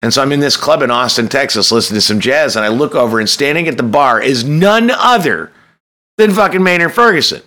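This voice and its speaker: A man's voice: mid-range voice, lively intonation, fairly quick, bright, forceful tone. A man telling a candid, self-mocking personal story, swearing freely and breaking into sudden emphatic bursts.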